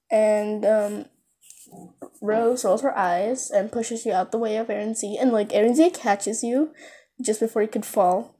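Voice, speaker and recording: A woman's voice: mid-range voice, steady tone, measured pace, warm tone, husky. Chatty woman narrating a fan story. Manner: chatty, filler-heavy, giggly.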